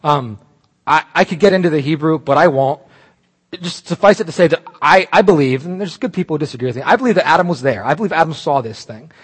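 A man preaching a sermon, animated and emphatic, breaking off into asides and restarts. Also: a little high, fast, husky, big-room sound. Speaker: pastor.

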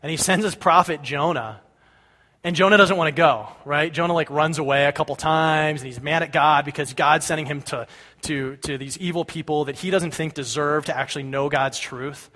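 Here a pastor's sermon comes across as easygoing and chatty, with "right?" dropped in again and again to check on his listeners. His fairly high voice moves at a normal speed and sounds bright and forceful, set in long hall reverb.

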